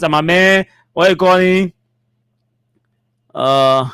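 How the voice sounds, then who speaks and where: A man's voice: on the high side, a little fast, a bit bright, no room sound, studio quality. A man with a Liberian English accent hosting a talk show, reading out social media comments with mocking asides and laughter. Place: studio.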